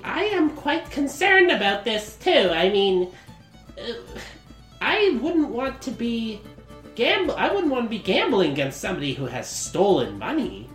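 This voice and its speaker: A prim caravan gambler fusses in a high, prissy voice, put on by a man. He sounds concerned and proper. The room is roomy with faint music. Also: very animated, measured pace, fairly bright tone, heavily acted. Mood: fussy.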